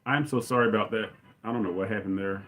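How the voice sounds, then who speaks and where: A man giving opinionated, ranting fan commentary as a channel host, with loud outbursts. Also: on the low side, fast talker, phone-quality sound, background noise. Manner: ranting, exclaims loudly.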